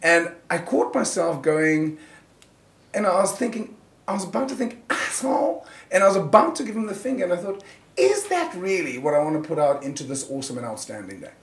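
A man, a guest on a radio show, telling a motivational story in a casual, expressive way. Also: a little high, fairly quick, roomy sound. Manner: expressive, swings his voice up and down, acts out moments.

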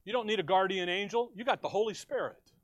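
High-pitched emphatic preacher man, dry sound. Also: no room sound. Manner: emphatic, asks the congregation questions and answers them; reads scripture aloud in slow stressed phrases. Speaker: pastor. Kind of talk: sermon.

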